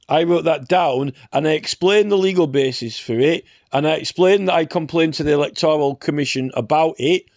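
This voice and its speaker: Halting man, higher voice. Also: no room sound. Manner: halting, repeats words, earnest complaint. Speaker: citizen campaigner. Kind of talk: unscripted monologue.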